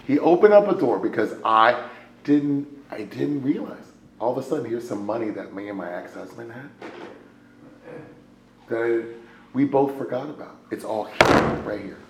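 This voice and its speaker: Gravelly man telling his story, echoey room. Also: mid-range voice, normal speed, long pauses. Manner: animated storyteller, swings from loud exclaiming to hushed murmur; keeps checking in with "right?". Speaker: speaker sharing at a recovery meeting. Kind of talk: personal testimony. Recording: echoey room with faint ambient noise.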